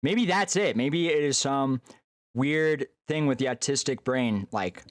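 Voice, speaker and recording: A man's voice: mid-range voice, animated, measured pace, no room sound, studio quality. A man talking as a guest in a casual chat, loose and profane, trailing off into fillers.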